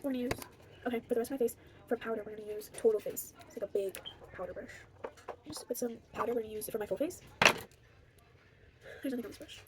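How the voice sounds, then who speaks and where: A woman's voice: fairly high pitch, very fast, heavy background noise. Chatty young woman, rambling to herself. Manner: rambling, talks to herself, jokey. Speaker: beauty vlogger. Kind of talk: casual makeup tutorial chat.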